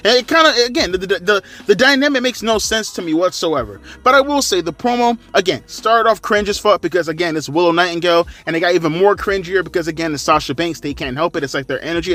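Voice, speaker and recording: High bright-voiced man ranting. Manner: rambling, profane, sarcastic. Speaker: wrestling commentator. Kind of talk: casual wrestling review.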